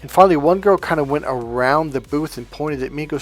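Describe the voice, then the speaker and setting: A man's voice: fairly high pitch, quick pace, faint music behind. A man coaching on dating, telling a story in a casual monologue, swearing bluntly and acting out what people said. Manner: blunt and profane, swearing often; animated, acting out quotes from a story.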